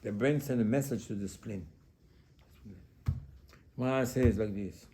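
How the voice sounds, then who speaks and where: A man giving a sermon as a rabbi, asking rhetorical questions and repeating them, with Hebrew religious terms mixed into his English, moving between hushed asides and emphatic lines. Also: fairly low pitch, unhurried, slight background noise. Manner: loudness swings from hushed to emphatic.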